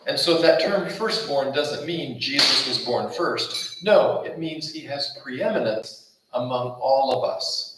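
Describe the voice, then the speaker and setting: A man's voice: mid-range voice, animated, slow. A man preaching a Bible study sermon, emphatic and repetitive, asking the listeners rhetorical questions. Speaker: pastor. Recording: roomy echo, mic far off, faint noise.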